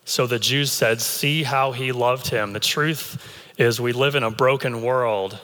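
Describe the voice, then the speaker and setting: A man's voice: mid-range voice, a little slow, a bit bright. Guy preaching a sermon, earnest, reading bible passages, echoey church hall. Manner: earnest, reads scripture aloud between remarks. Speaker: pastor. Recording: long hall reverb.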